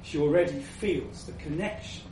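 A man reading a first-person story aloud to a live audience, unhurried, with acted asides. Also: a little high, lively intonation, background noise. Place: live event venue before an audience. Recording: echoey venue from a distant mic.

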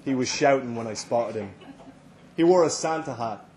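A man's voice: medium pitch, moderate pace, a little mellow, echoey room. A man narrates a short story in the first person at a live pub reading. His delivery is dry and wry, with a mid-range voice and a faint hum of ambience behind him.

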